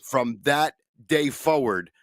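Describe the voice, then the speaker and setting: A man's voice: mid-range voice, expressive, slow pace, dry recording, clean studio sound. A man co-hosting a comedy podcast, telling profane stories from his youth in a laid-back, chuckling way. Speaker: podcast co-host. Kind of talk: casual comedic storytelling.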